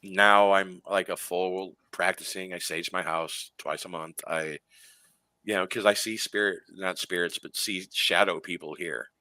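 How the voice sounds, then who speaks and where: A man's voice: sits low, steady tone, measured pace, pushed and bright, no echo. A man talking as a radio show guest, telling a story animatedly with plenty of fillers and restarts.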